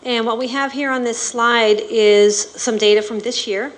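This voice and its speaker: A woman, a district administrator, giving a measured, explanatory slide presentation to a school board. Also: fairly high pitch, steady tone.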